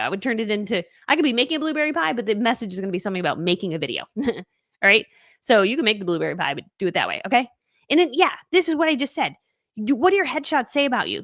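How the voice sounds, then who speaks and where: Chatty middle-aged woman coaching online, talks quick, gravelly fry, dry close sound. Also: medium pitch, no room sound. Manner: chatty, animated, acts out little dialogues. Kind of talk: live training.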